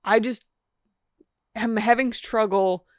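Smooth-voiced woman podcast co-host. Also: a little high, steady tone, slow, dry recording, clean studio sound. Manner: laughing, self-deprecating, rambling. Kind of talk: casual movie review chat.

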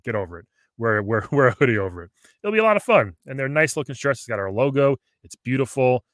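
A man hosting a comedy podcast, excitable and joking, laughing often, on a close mic. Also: mid-range voice, no room sound. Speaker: podcast host.

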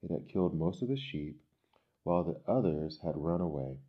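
A man reading children's stories aloud in a gentle, measured, expressive way. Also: low voice. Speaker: storyteller. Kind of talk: storybook reading. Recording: dull lo-fi recording.

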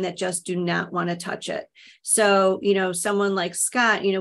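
A woman real estate agent talking casually, explaining the market with lots of "you know" fillers. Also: mid-range voice. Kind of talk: casual panel conversation.

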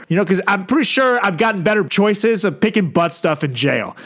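A man's voice: high voice, expressive, brisk, few pauses, fairly bright tone. A man co-hosting a comedy podcast, roasting politicians with crude jokes and frequent laughter. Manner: crude, mocking, laughs often. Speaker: podcast co-host.

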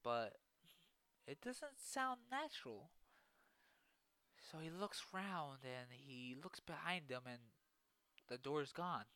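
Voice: medium pitch, expressive, slow, pauses often, pushed and bright, dry recording. A podcast host narrating a spooky story in an improvised way, with spoken sound effects and frequent restarts.

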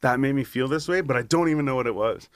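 A man in a loose, profane chat, spinning a rambling story packed with filler words and acted-out asides. His voice sits at an ordinary middle pitch. The sound is dry and close, with no room echo. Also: quick pace. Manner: acts out his own inner voice in quotes. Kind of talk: casual chat.

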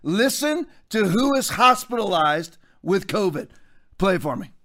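A man with a notably high voice hosts a podcast with heated commentary. He rants in a fired-up, preacher-like style, pressing his points hard. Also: very animated, measured pace, sharp tone. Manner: fired-up, ranting, preacher-like delivery. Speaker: podcast host and pastor.

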